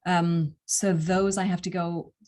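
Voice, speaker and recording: A young American woman with a notably low voice talks through her craft in an easy, conversational interview. She explains things step by step, pausing now and then to restart a thought. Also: flat delivery, a little mellow. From United States. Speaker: audiobook narrator and actor. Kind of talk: casual interview answers.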